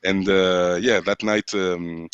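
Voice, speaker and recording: A man from France, a guest in a casual interview, telling long stories in a relaxed way with many fillers and small laughs. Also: sits low, takes it slowly, smooth, no echo, highs cut off. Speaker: guest, sound system selector.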